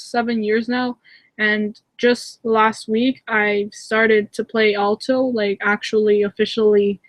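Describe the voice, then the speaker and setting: A giggly young woman chats casually into her webcam at home, her voice sitting a little high. She speaks with many fillers and quick restarts, and the sound is close and dry with no room echo. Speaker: channel host answering viewer comments. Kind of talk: casual live hangout chat. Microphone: webcam in a live video hangout.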